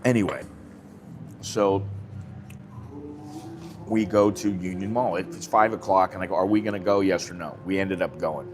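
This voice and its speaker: Chatty low-voiced American man. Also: background noise. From United States. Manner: chatty, rambling, acts out dialogue. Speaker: vlogger. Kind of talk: casual live-stream storytelling. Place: Thailand, drinking coffee. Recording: music clearly behind voice.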